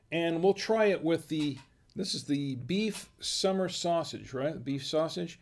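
Gravelly man musing through a wine tasting. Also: a little high, expressive, slow pace. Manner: musing aloud, hesitant and chatty. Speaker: wine review show host. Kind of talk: casual tasting livestream.

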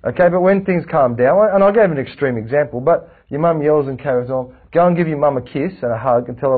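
A man, teaching a religious class with lively rhetorical questions to his students. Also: on the high side, fast, few pauses, husky. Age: 40s. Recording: tinny lo-fi lecture recording.

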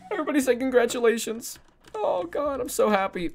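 A woman streaming a video game, chatting casually with her viewers and swinging between squealing joy and mumbled asides. She coos in a high baby voice at a pet. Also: wildly swooping pitch, moderate pace, long pauses, darkish tone. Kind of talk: casual live-stream gaming commentary.

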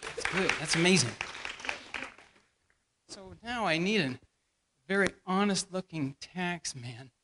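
A man's voice: high-pitched, lively intonation, takes it slowly, pauses often, pushed and bright, a faint crowd. A man, a church elder, teaching a Bible lesson by playfully directing volunteers through a staged skit in front of a congregation. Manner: playful, directing volunteers and feeding them lines. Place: church hall before a congregation.

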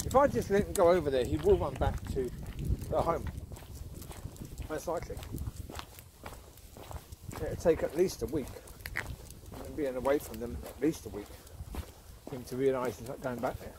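A middle-aged man chatting casually while walking his dog outdoors, now and then calling out loudly to it. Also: mid-range voice, moderate pace, long pauses, noisy background. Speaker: dog owner vlogger. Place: outdoors on a rural walk.

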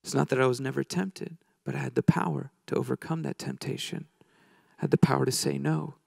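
A man's voice: mid-range voice, steady tone, brisk, creaky, a little mellow, slightly rough, no echo, clean studio sound. A middle-aged man preaching a sermon, telling a story in a casual, joking way with many restarts.

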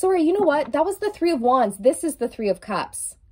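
A woman doing an effusive, emphatic tarot reading, stretching out key words and now and then singing a lyric softly. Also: sits high, big pitch swings, fairly quick. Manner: sings song lyrics softly at times. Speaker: tarot reader.

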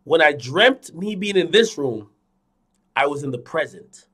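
A young man streaming, telling a dream to his viewers in a casual, animated way, swinging from loud to hushed, repeating phrases and swearing a lot. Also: a little high, a little slow. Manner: frequent fillers and profanity. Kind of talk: casual storytelling to a live audience.

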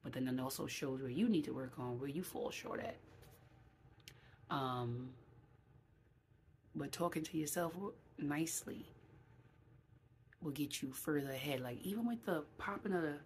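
A middle-aged woman from New City, talking casually to camera in a vlog. She is animated and acts out quoted voices, with many fillers. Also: deep voice, moderate pace, long pauses, slight background noise. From New York City. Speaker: vlogger.

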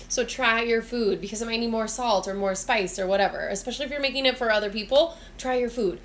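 A woman's voice: fairly high pitch, quick pace, hardly any pauses, slight background noise. Chatty woman cooking in her kitchen. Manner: chatty, instructive, with friendly asides. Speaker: cooking vlogger and teacher. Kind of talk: casual cooking demonstration. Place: home kitchen.

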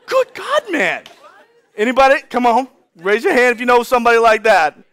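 A man preaching a sermon in a lively storytelling manner, acting out characters in casual slang. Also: very high voice, fast, clear, resonant tone, no room sound, a faint crowd. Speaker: pastor.

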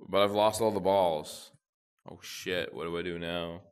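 A young man giving profane, excitable commentary to himself while playing a game. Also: low-pitched, a little slow, clear, resonant tone. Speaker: gamer channel host. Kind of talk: gameplay commentary.

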